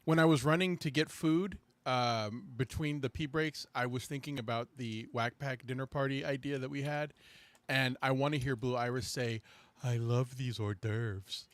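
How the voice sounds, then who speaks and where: A man's voice: medium pitch, normal speed, no echo. A man co-hosting a podcast, joking and giggling through casual banter. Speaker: podcast co-host.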